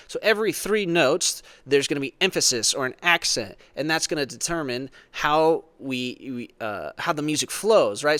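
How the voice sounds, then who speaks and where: A man's voice: mid-range voice, sing-song, normal speed, a bit bright, dry recording. A man teaching a church music lesson, explaining patiently, counting beats aloud, and often asking "right?". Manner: conversational, frequent "right?".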